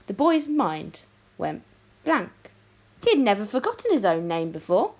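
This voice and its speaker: Woman storyteller, reads children's fiction aloud with lively, dramatic expression. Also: medium pitch, unhurried. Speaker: reader of a children's book.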